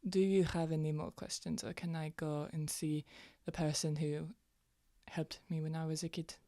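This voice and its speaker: Woman doing a defiant young woman, low voice, dry close sound, pointed questions in a tabletop game. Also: steady tone, moderate pace, mellow, no room sound. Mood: challenging.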